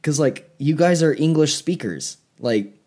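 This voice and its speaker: A man's voice: on the low side, a little slow. A man co-hosting a podcast, talking in a rambling, casual way with many fillers. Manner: rambling, filler-heavy, animated when mocking. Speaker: podcast co-host. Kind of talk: casual chat.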